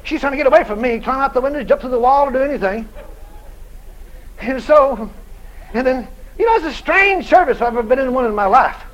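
Preacher guy telling a story in a sermon, really high voice, swoops all over, folksy, yells the quotes. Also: animated, a little fast, highs cut off. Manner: folksy and dramatic, shouting out the quoted lines. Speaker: evangelist preacher.

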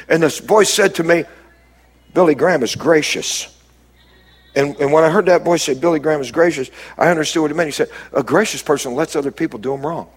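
A man preaching a sermon as a pastor, dropping low and quiet and then rising to emphatic, raised lines. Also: breathy edge.

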